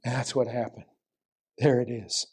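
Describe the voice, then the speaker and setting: Preaching at normal speed in a husky, steady tone, this man poses one rhetorical question after another. He moves back and forth between loud, pressing lines and quiet, hushed ones.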